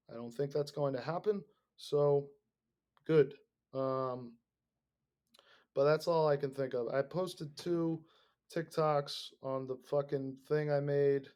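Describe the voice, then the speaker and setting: A young man hosting a podcast, rambling in casual, profanity-laden talk that swings between mumbled asides and loud bursts. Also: fairly high pitch. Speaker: podcast host.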